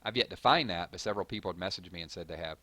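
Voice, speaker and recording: A man's voice: low voice, very fast, sharp tone, dry recording. A man hosting a live stream, chatting loosely and rambling through viewer comments with plenty of fillers and restarts. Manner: rambling and conversational, with frequent fillers and self-corrections.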